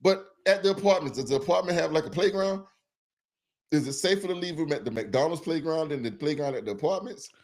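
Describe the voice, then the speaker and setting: A man co-hosting a podcast in casual chat, earnest and quick to laugh, often restarting his phrases. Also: on the high side, animated, a little mellow. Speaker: podcast co-host.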